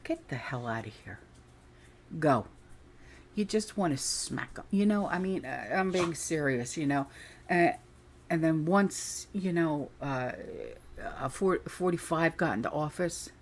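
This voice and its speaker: Here a middle-aged woman hosts her own channel, her deep, animated voice moving a little slowly over a faint hiss or hum. Her talk is an offhand, indignant rant that keeps straying into side topics.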